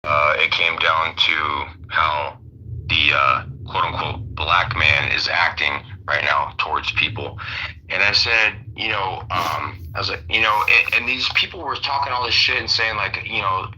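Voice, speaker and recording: A man's voice: deep voice, measured pace, bright, forceful tone, slight background noise, poor audio. A man in casual chat, rambling and swearing with lots of fillers. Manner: rambling, profane, many fillers.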